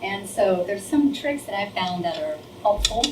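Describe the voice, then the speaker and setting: A woman's voice: medium pitch, lively intonation, moderate pace. A woman teacher demonstrating a classroom sound drill, prompting and praising as she goes. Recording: roomy, distant, audible noise.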